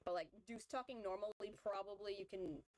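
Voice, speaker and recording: A woman streamer talks casually while she draws. She rambles and circles back, full of fillers and restarts. Her voice sits at an ordinary middle pitch. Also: brisk, no echo, poor audio. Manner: rambling, filler-heavy opinion talk. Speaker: vtuber streamer. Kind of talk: casual chat while drawing.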